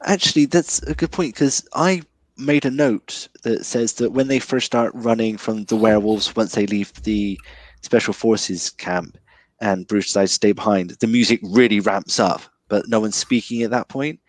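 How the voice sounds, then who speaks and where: A man's voice: fairly low pitch, moderate pace, dry recording. Hesitant man, dry close sound. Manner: hesitant, restarts with many ums. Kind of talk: casual film discussion.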